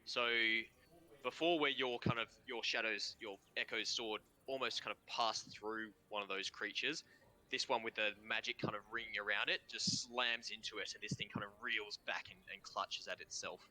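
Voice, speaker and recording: Aussie GM, low and bright-toned, relaxed, chatty, describes the action loosely. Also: male voice, normal speed. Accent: Australian. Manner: casual, laughs easily, trails off with "um" and "kind of". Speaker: game master. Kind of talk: narrating a tabletop game.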